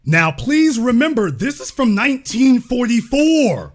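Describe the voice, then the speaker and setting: A man's voice: very high-pitched, very animated, unhurried, music in the background. A man hosting a livestream, giving emphatic, preachy commentary with lots of rhetorical questions. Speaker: livestream show host.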